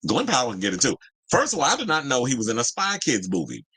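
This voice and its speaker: Animated man with a bright, dry voice. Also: medium pitch, fast, breathy edge, dry recording, rough recording. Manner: animated and chatty, reads and answers live chat, swears freely. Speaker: entertainment news show host. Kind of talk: casual pop-culture commentary.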